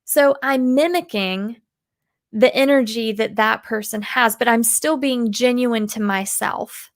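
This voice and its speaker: Woman, from the US, communication coach, animated, slightly high, dry recording. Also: measured pace, no echo. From United States. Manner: animated, acts out example voices. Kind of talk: podcast interview answers.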